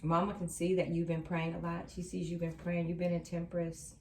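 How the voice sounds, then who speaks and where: A woman reads tarot for viewers in a fairly low, monotone voice, speaking a little fast. She's reassuring and emphatic, going back over her key lines, and the distant mic adds a roomy sound plus a bit of hiss or hum.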